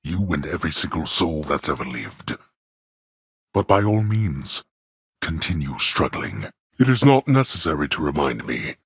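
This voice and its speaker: An actor voicing a stern, cold male god-king of the underworld in a video game, speaking with contemptuous, imperious authority in a deep gravelly voice. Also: sing-song, normal speed, no echo, heavily acted. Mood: mocking disdain. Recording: dry studio recording.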